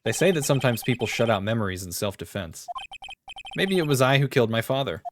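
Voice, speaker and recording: A streamer voicing a composed, haunted young male prosecutor in a measured, grave way, with game music behind. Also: mid-range voice, very animated, background noise, natural voice.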